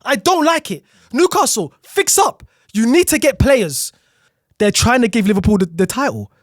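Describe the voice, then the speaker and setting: Man, high voice, lively swooping delivery, heated rant, dry close mic. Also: normal speed, no room sound. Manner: animated, exasperated, teasing. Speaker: podcast co-host.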